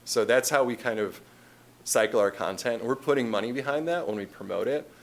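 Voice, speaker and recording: A man with a mid-range voice and a Chicago accent moves briskly through a tourism marketing proposal before a city council in its meeting chamber. His tone is casual and conversational, peppered with fillers and frequent restarts.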